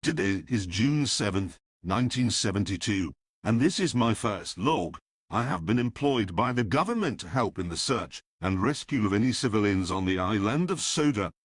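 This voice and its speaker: A man playing a grave government agent, narrating a disaster in steady, solemn scripted narration. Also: fairly low pitch, normal speed, breathy edge, no room sound.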